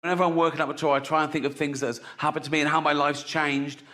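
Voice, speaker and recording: A man's voice: fairly high pitch, level tone, very fast, sharp tone. A man from Reading with an English accent performing a stand-up routine, telling crude stories in a blunt, chatty way and often checking in with "right?". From Reading, England. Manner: blunt, crude, conversational storytelling with frequent "right?". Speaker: stand-up comedian. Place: large theatre before a live audience. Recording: reverberant live theatre with crowd laughter.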